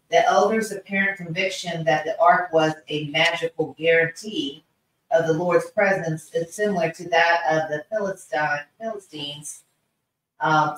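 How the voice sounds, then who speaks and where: A woman in a bible study group who reads her study notes aloud in a halting way. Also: low voice, a bit bright, very echoey, recorded from a distance, rough recording.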